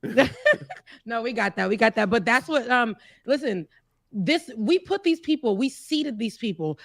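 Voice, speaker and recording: A woman's voice: on the high side, lively intonation, measured pace, fairly bright tone, no echo. A woman co-hosting a podcast, reacting expressively with laughs and exclamations. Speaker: podcast co-host. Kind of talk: casual chat, commentary.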